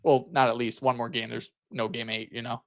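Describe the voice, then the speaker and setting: A man's voice: mid-range voice, flat delivery, fairly quick, dry recording, clean studio sound. A man on a sports panel, talking in a jokey, needling way. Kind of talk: casual sports debate.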